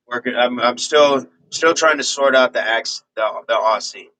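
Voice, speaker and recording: A man's voice: mid-range voice, moderate pace, few pauses, sharp tone, poor audio. Laid-back man hosting a fitness livestream. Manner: laid-back and rambling, chuckles often. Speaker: fitness channel host. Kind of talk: casual livestream chat reading viewer comments.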